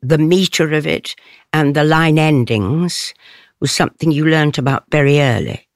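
An older stage actress giving an interview. She speaks in a thoughtful, measured way and laughs softly often. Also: low voice, no room sound, clean studio sound.

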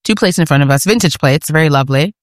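A woman's voice: deep voice, lively intonation, fast talker, no echo, clean studio sound. A woman from New York City, chatting casually and laughing often as a guest, seated at an outdoor eating area on a market street. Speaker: guest, food podcaster. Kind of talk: casual conversation.

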